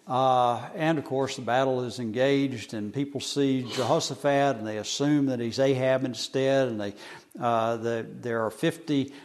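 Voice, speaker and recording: A man's voice: medium pitch, fairly even intonation, measured pace. Chatty, colloquial Bible teacher man. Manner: conversational, colloquial, hesitant, humorous.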